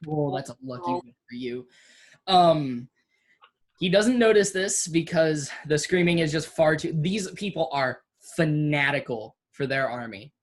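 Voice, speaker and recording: A game master narrating a tabletop game, unhurried, with many ums and restarts. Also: mid-range voice, animated, a little hiss or hum.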